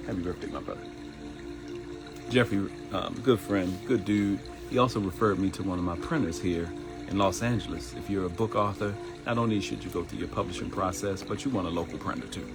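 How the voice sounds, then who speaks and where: Low-voiced Baltimore man hosting a live stream. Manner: animated, greets viewers by name, jokes and laughs. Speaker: live show host. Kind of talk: live-stream casual chat.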